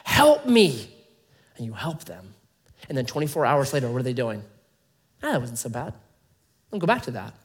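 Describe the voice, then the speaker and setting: A pastor preaches a sermon in a conversational, animated way, peppering his listeners with rhetorical questions. His voice is medium in pitch.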